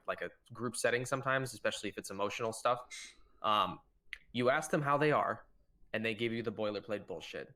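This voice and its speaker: Animated low-voiced man sharing tips. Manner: animated, shifts pitch to act out quoted dialogue. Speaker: podcast co-host. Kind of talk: casual chat.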